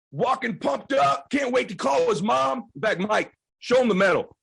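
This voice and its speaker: A man in his forties giving a motivational speech to a live audience, telling a story with quick, energetic delivery and loud shouts at the high points. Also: gravelly, husky, dry recording. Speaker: motivational keynote speaker. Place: event stage before a live audience.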